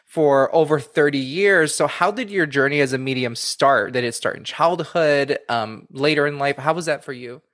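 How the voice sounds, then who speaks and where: Podcast host, middle pitch, encouraging, conversational interviewer. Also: moderate pace, hardly any pauses, fairly bright tone, dry recording, studio quality. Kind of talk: interview chat.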